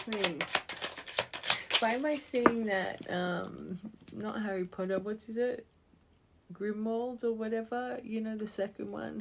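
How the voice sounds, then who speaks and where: A woman's voice: mid-range voice, creaky, noisy background. A woman giving a spiritual tarot reading to her viewers, earnest and encouraging, thinking aloud as she goes. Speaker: tarot reader.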